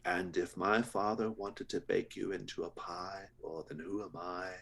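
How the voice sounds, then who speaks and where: A man voicing a tall, oily-smiling butcher's son who speaks slowly, softly and with menace in a tabletop game. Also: low-pitched, fairly even intonation, gravelly, breathy edge, heavily acted. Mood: menacing. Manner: slow, soft and menacing.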